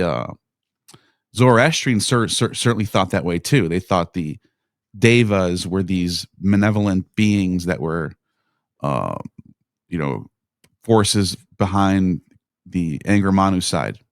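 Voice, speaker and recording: A man's voice: low voice, takes it slowly, no room sound, studio quality. A man as a podcast guest in casual discussion, thinking aloud in meandering explanations.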